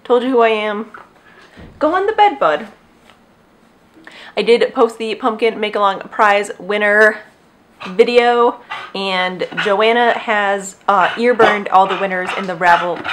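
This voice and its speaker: Casual and rambling, a young knitting podcaster talks in a mid-range, slightly bright voice at home among her dogs, frequently stopping to address one of them. A little hiss or hum sits in the recording.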